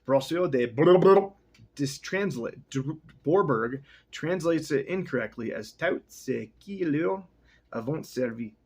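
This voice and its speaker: A young man with a fairly high, husky, darkish voice reads a text aloud at a slightly slow pace, sounding animated. He comments on it casually as he goes, rambling, swearing, and often cutting himself off.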